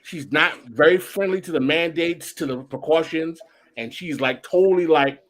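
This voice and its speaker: A man's voice: a little high, moderate pace. A man co-hosting a casual podcast chat, talking animatedly with frequent restarts. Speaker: podcast co-host.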